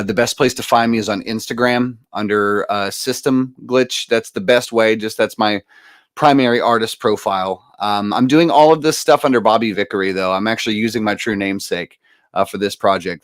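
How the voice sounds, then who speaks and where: Earnest male guest speaker, low voice, dry close sound, rambling delivery. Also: fairly even intonation, fairly quick, no room sound. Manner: earnest, rambling with many fillers. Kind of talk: casual motivational speech.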